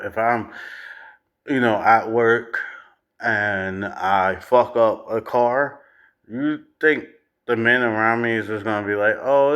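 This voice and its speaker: A man's voice: fairly low pitch, bright, forceful tone. A man ranting bluntly and profanely as he reacts to a video clip. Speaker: reaction commentator.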